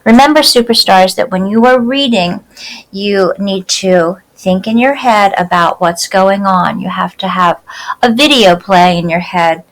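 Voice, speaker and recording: A woman teacher giving a phonics lesson to young children, speaking slowly and sounding out each word part clearly. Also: mid-range voice, poor audio. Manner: slow, carefully enunciated, sounding out word parts.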